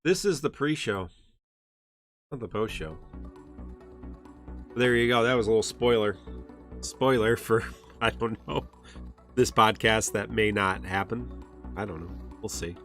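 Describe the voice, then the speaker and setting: A male podcast host rambles through a casual livestream pre-show in a somewhat low voice. He jokes freely, trails off mid-thought and laughs often. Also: fairly even intonation, measured pace, long pauses, a bit bright, faint music behind.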